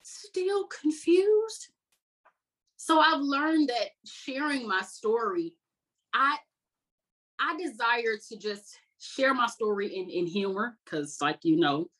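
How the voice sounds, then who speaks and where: A woman's voice: fairly high pitch, expressive, takes it slowly, fairly bright tone, rough recording. A woman in her thirties, an army veteran guest, telling her story candidly with an earnest, self-mocking manner. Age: 30s. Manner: earnest, reflective, laughs at herself.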